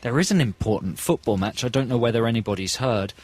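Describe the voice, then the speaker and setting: Dry, wry radio host. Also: male voice, mid-range voice, animated, fast, darkish tone. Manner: dry, wry, mock-serious. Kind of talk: live radio banter. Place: live broadcast from a music festival.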